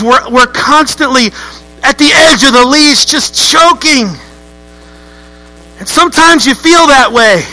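High bright voiced pastor man preaching, animated and jokey, bit of music and hum behind. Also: poor audio. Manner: lively, joking, acts out voices with rising outbursts. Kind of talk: sermon. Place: church sanctuary with congregation.

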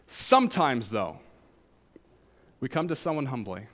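A male pastor preaching a sermon in a conversational storytelling way, with wry humor and a voice that swings between emphatic highs and soft, low asides. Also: very animated, measured pace.

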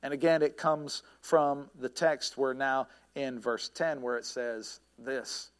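A man preaching a sermon about prayer in an earnest way, with pauses and restarts, now and then rising to a shout as he tells a story. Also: medium pitch. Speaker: pastor.

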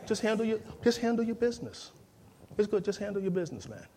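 A man's voice: high-pitched, sing-song, fast, warm tone, a little hiss or hum. A man preaching a sermon, emphatic and conversational, calling on the congregation to respond and acting out quoted voices. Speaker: pastor.

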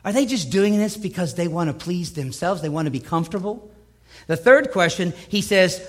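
A man's voice: sits high, animated, normal speed. A man preaching a sermon, emphatic and driving home points with repetition.

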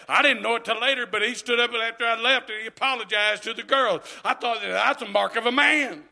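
A man preaching a sermon, folksy and joking, dropping to quiet asides and then shouting exhortations. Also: very high-pitched, a little fast, gravelly, hardly any pauses.

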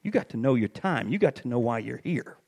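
A middle-aged man preaching a sermon, telling stories with animated swings up to shouted peaks. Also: medium pitch, fairly quick, creaky, breathy edge.

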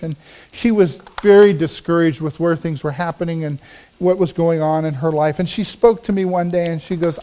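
High-pitched guy preaching, earnest storyteller, gets emphatic. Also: mellow. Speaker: pastor. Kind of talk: sermon.

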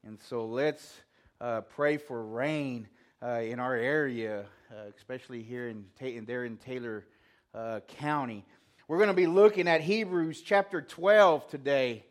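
A man's voice: mid-range voice, a little slow. A man preaching a casual, conversational sermon, telling a self-deprecating story with quoted asides. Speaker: pastor.

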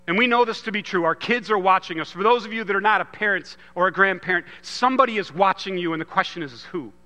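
A man in his thirties giving an earnest sermon, moving from loud emphasis to hushed storytelling. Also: high-pitched, long reverb tail. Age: 30s. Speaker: pastor.

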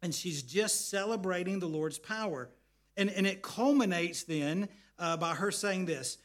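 A man's voice: high voice, unhurried, a bit bright. A middle-aged man preaching earnestly, often repeating words as he explains. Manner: earnest, repeats words, tells family stories. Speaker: pastor. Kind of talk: sermon.

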